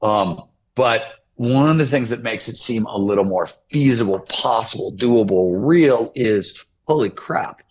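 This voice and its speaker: A man's voice: medium pitch, lively intonation, unhurried, a little hiss or hum, poor audio. A man in his fifties, a guest author in an interview, talking casually and rambling with many restarts. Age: 50s.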